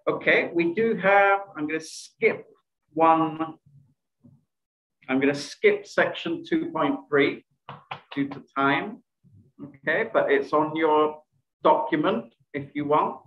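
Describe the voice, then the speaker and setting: A man's voice: fairly high pitch, slow, long pauses. A man teaching a presentation skills workshop over a video call, quizzing participants and praising their answers. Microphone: video call microphone. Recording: echoey, dull video call audio.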